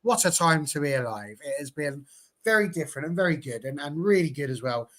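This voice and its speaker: A man's voice: fairly high pitch, animated, a little fast, a bit bright. A man hosting a casual panel show, rambling and chatty with many fillers as he signs off. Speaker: host.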